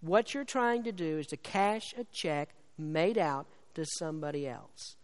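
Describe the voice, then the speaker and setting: A man preaching a sermon as pastor, slowing down and raising his voice on scripture and key lines, then dropping back low. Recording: long hall reverb.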